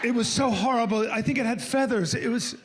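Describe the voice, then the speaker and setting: A man doing a stand-up bit from a clip, telling a crude, boastful story and squealing up high at times. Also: a little fast, a little hiss or hum. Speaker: stand-up comedian.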